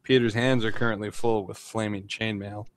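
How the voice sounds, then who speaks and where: A male player describing his character's actions in a tabletop game. His voice is low and flat, with little movement, and his delivery is low-key. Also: moderate pace, a little hiss or hum.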